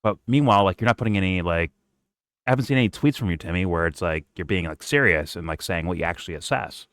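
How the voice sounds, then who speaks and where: A man's voice: low voice, expressive, fast, a bit bright, no room sound, studio quality. A man co-hosting a stream, reacting to a clip in casual, profane, joking trash talk.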